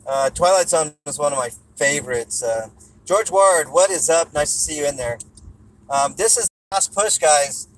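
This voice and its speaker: A man's voice: fairly high pitch, expressive, normal speed, slight background noise, low-quality recording. Joking man chatting on a livestream. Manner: joking, reads viewer comments aloud; talks while chewing gum. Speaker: livestream host. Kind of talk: casual livestream chat.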